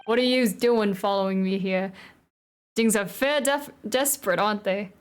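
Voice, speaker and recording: A woman voicing a wealthy, boastful gentleman with a shaky put-on Irish accent and a raised voice. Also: on the high side, a little fast, close to an everyday voice.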